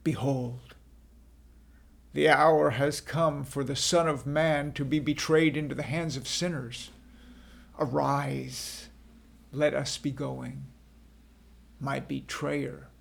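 A man voicing Jesus as a solemn, calm teacher, speaking in a slow, measured, grave way with a husky, gravelly voice. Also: mid-range voice, full character voice.

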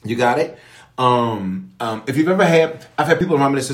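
A man's voice: mid-range voice, lively intonation, a little fast. Preaching man in an echoey room. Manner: preacherly, repeats phrases, calls for responses from viewers. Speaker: pastor leading online prayer. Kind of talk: livestream sermon and prayer teaching.

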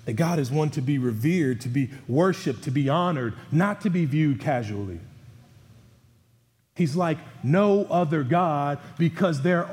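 Emphatic male preacher in a reverberant hall. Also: darkish tone. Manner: emphatic preaching, voice dropping low on key words. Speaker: pastor. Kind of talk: sermon. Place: church sanctuary.

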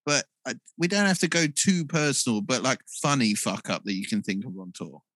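A man co-hosting a podcast, asking a guest questions in a lively, slightly halting way. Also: mid-range voice, no echo. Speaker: podcast co-host. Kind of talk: casual interview questions.

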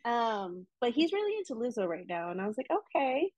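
A woman's voice: fairly high pitch, big pitch swings, fast, darkish tone, dull audio. A woman co-hosting a podcast in a casual chat, giving short encouraging replies and laughing along. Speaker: podcast co-host.

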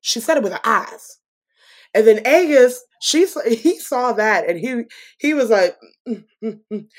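A woman co-hosting a casual movie review chat, animated and laughing often, acting out her own reactions. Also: unhurried. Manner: animated, laughs often, quotes herself with swings in pitch.

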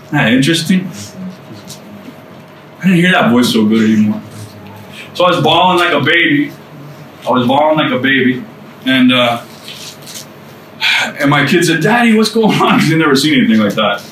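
A man's voice: mid-range voice, fairly quick, pauses often, fairly bright tone. Guy telling his testimony to a small group, laid back but earnest, sounds far from the mic in an echoey room with a faint hum. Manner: casual and conversational, peppered with "man" and "dude"; earnest and emotional, repeats key phrases for emphasis. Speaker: guest speaker sharing his testimony.

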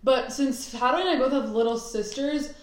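A woman's voice: high voice, normal speed, very echoey. A teenage girl hosting a casual chat, asking loose, giggly questions. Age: teens. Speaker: host.

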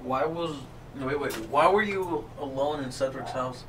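A young man on a casual podcast, excitedly recalling a night with friends and swearing freely. His voice comes from a little away from the microphone. A faint noise sits behind him. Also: fairly high pitch, moderate pace. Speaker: podcast co-host. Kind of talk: casual chat. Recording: distant mic with faint noise.

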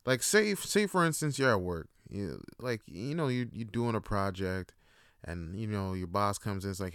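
A man's voice: mid-range voice, expressive, a little fast, smooth, no room sound, studio quality. A young man hosting a solo talk show, rambling profanely and casually, often laughing and acting out little scenes. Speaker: podcast host.

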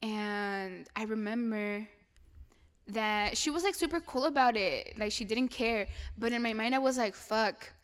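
A woman's voice: on the high side, a little slow. A young woman from Mexico with a Mexican Spanish accent, telling a story in casual, swear-filled chat.

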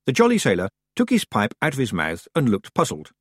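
Expressive male audiobook narrator. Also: mid-range voice, brisk, no echo, studio quality. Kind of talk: scripted narration.

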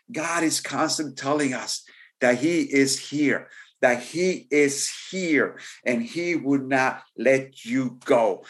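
A man's voice: medium pitch, slow pace. A man preaching a sermon with growing fervor. He repeats his phrases, stumbles into restarts and breaks into exclamations. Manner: repetitive, building fervor with exclamations.

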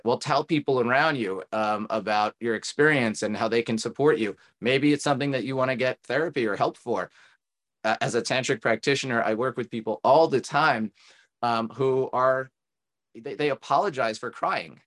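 An earnest man in a casual podcast conversation, a tantra coach sharing advice. His voice sits at an ordinary, mid-range pitch, and his thoughts spill out in long, encouraging, reflective runs. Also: moderate pace, a bit bright.

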